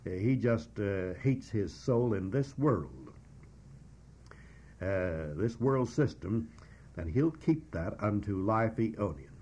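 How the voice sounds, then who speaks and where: A man preaching a verse-by-verse Bible exposition, teaching in a measured, emphatic way with frequent "uh" pauses. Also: fairly low pitch, sing-song, darkish tone. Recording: dull lo-fi recording.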